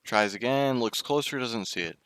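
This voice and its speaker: A man's voice: medium pitch, moderate pace, a bit bright, slight background noise. A young man telling a casual story while gaming, chatty, swearing and breaking off to react to the game. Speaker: gaming YouTuber.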